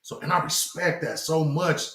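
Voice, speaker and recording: A man's voice: fairly high pitch, normal speed, vocal fry, sharp tone. A middle-aged man, a guest rapper, telling rambling, profane stories from his life in a casual interview chat. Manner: loose, profane, rambling storyteller. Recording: roomy echoing studio.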